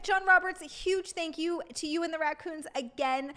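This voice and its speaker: A woman live streamer chatting casually with her viewers, excitable and giggly, and thanking them by name. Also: extremely high pitch, normal speed.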